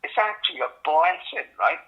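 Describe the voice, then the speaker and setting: A man's voice: a little high, lively intonation, moderate pace, highs cut off. A man in his forties, a podcast host, rambling through a story in casual chat and swearing constantly. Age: 40s.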